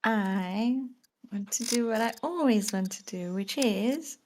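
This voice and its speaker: A woman's voice: on the high side, slow pace, noisy background. A woman playing a game with her brother, chatting casually and giggling often. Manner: giggly, soft-spoken. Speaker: co-player, streamer's sister. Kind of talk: casual gameplay chat.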